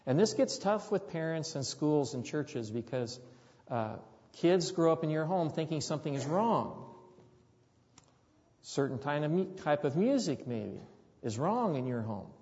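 A man's voice: a little high, animated, unhurried, darkish tone. A man preaching a sermon, telling a story earnestly and often repeating his words. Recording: dull sound with long hall reverb.

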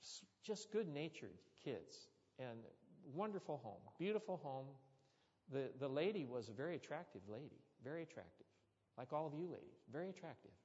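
A male pastor preaching a sermon, telling a story with animated, sudden loud bursts, recorded muffled in an echoey church hall. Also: on the high side, moderate pace.

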